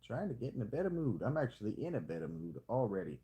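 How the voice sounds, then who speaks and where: A male streamer gives casual live-stream commentary on his strategy game in a loose, jokey ramble at a quick pace with a dark tone. His pitch swings widely, from low mutters to sudden high squeaks, and he playfully hams up a hick drawl along the way.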